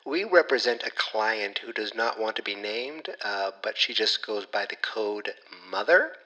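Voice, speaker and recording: A man plays a male lawyer reading out a client's message on a voicemail, stiff and formally polite. The voice is bright and forceful. It is a comedic scripted bit. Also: on the low side, expressive, a little slow, dull audio, exaggerated voice. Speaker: voicemail caller.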